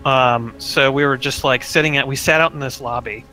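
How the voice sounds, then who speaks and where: Male podcast co-host, bright tone, easygoing rambler, faint music bed. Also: medium pitch, steady tone, a little fast, low-quality recording. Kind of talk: casual storytelling chat.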